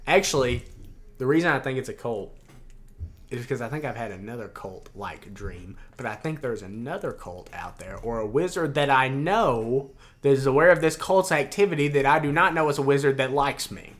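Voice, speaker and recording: A young man in casual chat, telling a wild dream in an animated way, acting out the voices and swearing freely. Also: medium pitch, moderate pace. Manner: animated storyteller, acts out quotes, swears freely.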